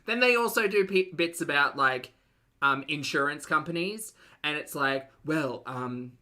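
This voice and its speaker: A man's voice: a little high, normal speed, sharp tone. A man with an Australian accent hosting a casual reaction commentary, chatty and rambling with many fillers. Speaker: host.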